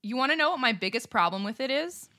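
Bright-voiced woman podcast co-host. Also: sits high, quick pace. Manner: animated storyteller, swears freely, laughs often. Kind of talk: casual chat.

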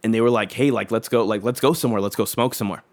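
A man's voice: fairly low pitch, steady tone, very fast. A young adult man telling a long personal story in casual chat, rambling with lots of fillers and swearing.

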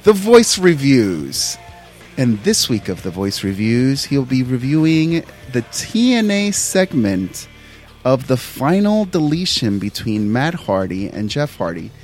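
A man's voice: mid-range voice, sing-song, a little slow, darkish tone, soft background music. A man hosting a podcast, introducing segments in a playful, teasing way. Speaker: podcast host. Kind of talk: casual chat.

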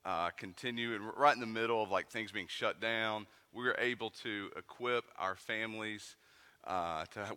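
A pastor with an East Tennessee Southern accent preaches a conversational sermon to his congregation, peppering it with questions. His medium-pitched voice is bright and forceful, carrying the long reverb of a church sanctuary.

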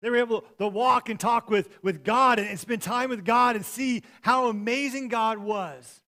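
A middle-aged man preaching with a high-pitched voice. He tells stories from the pulpit, leaping from loud, shouted bursts down to hushed, almost whispered lines. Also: normal speed. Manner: storytelling, swings from loud shouting to near-whispers. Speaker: pastor. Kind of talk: sermon.

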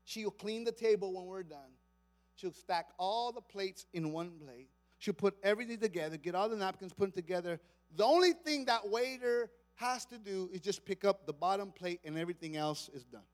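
A man preaching as a pastor, moving between quiet conversational talk and shouted, dramatic preaching, acting out quoted lines. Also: sits high, lively intonation, moderate pace. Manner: acts out quoted psalm lines with dramatic emphasis. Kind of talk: sermon.

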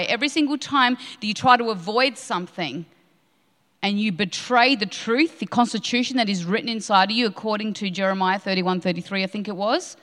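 A woman's voice: mid-range voice, a bit bright. A woman preaching a sermon with passion, repeating key lines for emphasis. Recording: long hall reverb.

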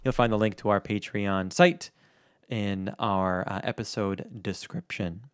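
A man's voice: lowish voice, a little slow, clean tone, no echo. Chatty male podcast co-host, dry sound. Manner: chatty, self-deprecating. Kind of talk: casual podcast outro.

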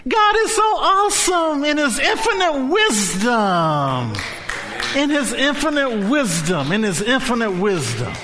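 A male pastor preaching a sermon in an animated way, laughing often and bursting into shouts. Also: extremely high pitch, unhurried, noisy background.

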